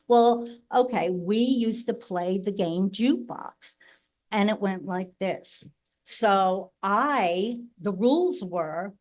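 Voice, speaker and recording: A woman in her sixties from New Jersey telling family stories at a memorial, chatty and laughing, often adding "right?" to her sentences. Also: mid-range voice. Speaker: sibling speaking at a memorial. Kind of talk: memorial tribute, personal storytelling.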